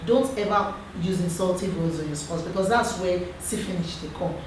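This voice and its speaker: A woman in her thirties with a Nigerian accent, chatting earnestly as a guest and giving advice in a lively, storytelling way. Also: on the low side, moderate pace. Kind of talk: casual chat. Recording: roomy echo, far from the mic, background noise.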